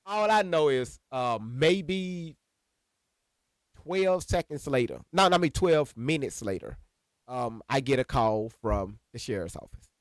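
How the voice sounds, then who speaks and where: A man casually telling a personal story to viewers, animated and profane, calling them y'all. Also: medium pitch, a little slow, dry recording, studio quality. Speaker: storyteller recounting a personal incident.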